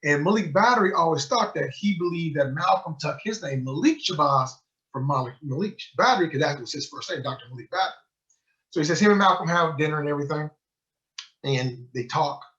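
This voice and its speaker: A man's voice: a little high, brisk. A man giving a book club talk as a sheikh, telling a story with energy and acting out quoted dialogue. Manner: animated storyteller who acts out quoted dialogue. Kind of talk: storytelling lecture. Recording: muffled lo-fi recording.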